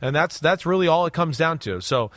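Animated man with a dry, close voice. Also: on the high side, fairly quick, dry recording. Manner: animated, keeps checking in with "right?". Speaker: football analyst. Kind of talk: casual sports podcast chat.

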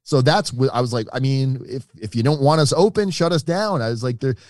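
Telling his own story during an interview, a middle-aged podcast guest animatedly performs the voices of the people he quotes. He talks fairly quickly in a mid-range voice. The studio sound is clean, with no echo.

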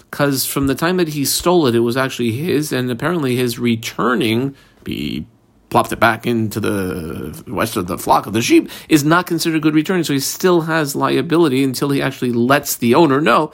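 A man leads a text study lesson in an everyday, chatty tone, walking through each opinion one at a time. His voice sits at a middle pitch with a gravelly edge. He reads quoted lines aloud and tells listeners which words to underline. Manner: explains step by step, reading text aloud and marking it up; mixes casual chat with quoted Aramaic terms. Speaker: Talmud teacher. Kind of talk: daily page study lesson.

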